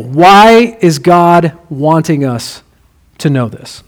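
Pastor, male, high-pitched, expressive sermon delivery with soft low drops for emphasis. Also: slow, poor audio.

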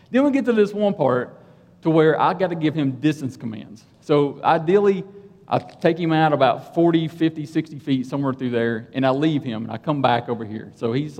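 Man preaching through a personal anecdote, lively pitch, echoing hall. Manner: animated, conversational, keeps asking "right?". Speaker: police officer and church speaker. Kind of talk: sermon storytelling.

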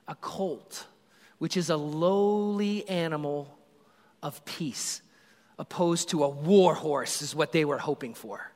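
A man preaching a sermon, telling the story with animated voices for the crowd. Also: a little high, a little slow, in a large hall. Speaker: pastor.

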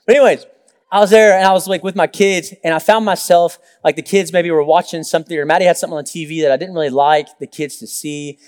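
A young male pastor delivers a sermon with a noticeably high voice. He tells personal stories, acts out quotes and tosses in joking asides. The sound rings with the long reverb of a large church hall. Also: fairly even intonation, fast, smooth.

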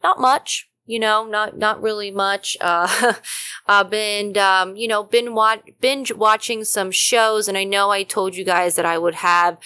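A woman's voice: medium pitch, steady tone, a little slow, pushed and bright. A woman hosting a podcast, chatting casually and rambling with many fillers while feeling unwell. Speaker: podcast host. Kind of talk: casual chat.

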